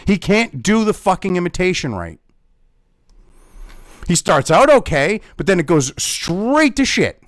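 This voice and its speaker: A man's voice: sits high, dry recording, clean studio sound. A man ranting angrily in a profane commentary video, talking as host.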